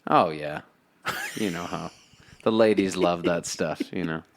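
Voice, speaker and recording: A man's voice: deep voice, unhurried. A man co-hosting a podcast in casual chat, rambling and laughing, often slipping into movie lines. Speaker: podcast co-host. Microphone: remote call.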